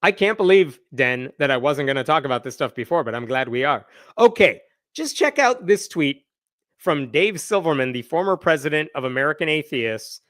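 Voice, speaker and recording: A man's voice: a little high, lively intonation, moderate pace, a bit bright, no room sound, clean studio sound. Blunt sarcastic man hosting live news. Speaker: host.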